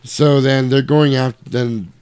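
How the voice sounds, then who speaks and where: A man casually retelling a movie plot in chat, animated and swearing, acting out lines in put-on voices. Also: medium pitch, measured pace, clear, resonant tone.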